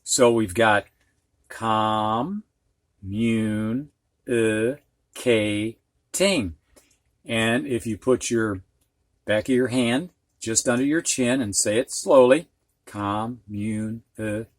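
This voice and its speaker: A man teaching reading at a slow, unhurried pace, patiently sounding out long words syllable by syllable. His voice sits at an ordinary pitch and is recorded dry and close, with no room echo. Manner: slow, patient, spells out syllables and gives example sentences.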